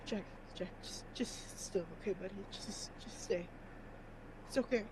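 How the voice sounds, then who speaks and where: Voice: mid-range voice, normal speed, noisy background, lightly acted. A player voicing a grieving male furry creature hero, crying and pleading in a broken voice.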